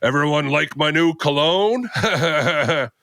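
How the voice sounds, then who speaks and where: A man voicing an obnoxious drunk airline passenger who loudly boasts, half shouting and laughing. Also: fairly high pitch, expressive, moderate pace, heavy background noise.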